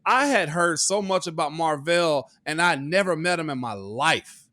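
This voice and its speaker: A man's voice: a little high, expressive, normal speed, sharp tone, no room sound. A man co-hosting a sports podcast, talking casually and emphatically with rhetorical questions. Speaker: former football lineman, co-host.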